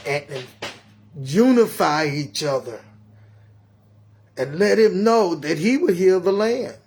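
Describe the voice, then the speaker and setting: An older grandmother with a high voice , as a man puts her on, preaches and scolds in a comic monologue. She takes her time over every phrase, like someone praying aloud. Her tone is sermon-like and indignant. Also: a little hiss or hum. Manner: ranting, scolding. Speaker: storyteller.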